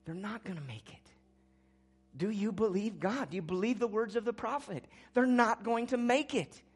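A man's voice: high voice, moderate pace, breathy edge. Impassioned male pastor preaching. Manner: impassioned preaching, swinging from quiet to loud. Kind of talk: sermon.

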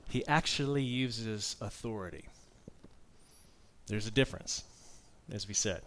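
A man's voice: fairly low pitch, unhurried, fairly bright tone, a little hiss or hum. A man in his fifties preaching a sermon, telling a personal story in a candid, conversational way with frequent asides.

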